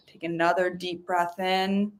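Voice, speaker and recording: A woman with a voice of ordinary pitch leads listeners through a tapping meditation. She speaks slowly and calmly when she guides. She turns lively and chatty when she shares her own experiences. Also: noisy background. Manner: slow soothing guidance that turns into lively chatty storytelling. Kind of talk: guided meditation and personal talk.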